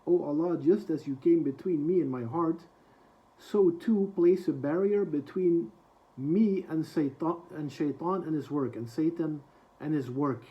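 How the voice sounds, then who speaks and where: A man giving a reflective book lesson, reciting quoted prayers quickly and then translating them slowly, with frequent soft hesitations. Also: on the high side, dull audio.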